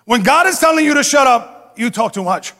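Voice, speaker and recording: High-voiced man preaching in a reverberant hall. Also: expressive, brisk, bright, forceful tone. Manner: emphatic, conversational preaching with asides to the congregation. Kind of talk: sermon.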